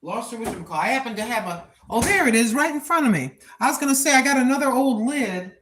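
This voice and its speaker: A woman's voice: a little high, animated, quick pace, fairly bright tone, slight background noise. An older woman talking casually and preachily while live-streaming on a walk, recorded on her phone. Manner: chatty, preachy, talks to herself. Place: outdoors on a walk.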